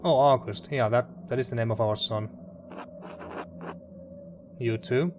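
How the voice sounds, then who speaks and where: A man reading a grieving, guilt-ridden middle-aged man in a narrative game, quiet and halting. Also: mid-range voice, noisy background, natural voice.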